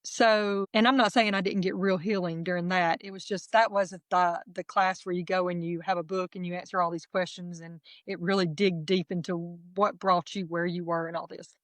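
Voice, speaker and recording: A middle-aged woman, candidly telling her personal testimony as a guest in a lively, self-deprecating way. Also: fairly low pitch, moderate pace, hardly any pauses, no echo.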